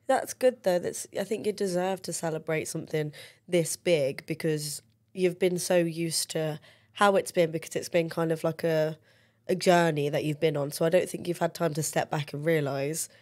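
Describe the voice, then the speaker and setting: A woman's voice: deep voice, steady tone, normal speed, darkish tone. A woman chatting as a guest on her brother's podcast, supportive and full of "like". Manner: supportive, giggly, fillers of "like". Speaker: podcast guest, host's sister. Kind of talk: casual chat.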